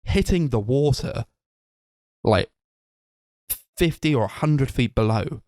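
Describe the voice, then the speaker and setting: A man co-hosting a casual film review chat, retelling scenes in an animated way and acting out the characters' lines. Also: medium pitch, slow, dry recording. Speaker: film podcast co-host.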